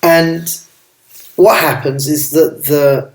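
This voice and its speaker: A man, a rabbi, telling a family story as a gentle, affectionate sermon that mixes in Hebrew and Yiddish terms. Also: fairly high pitch, steady tone, takes it slowly. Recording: roomy echo.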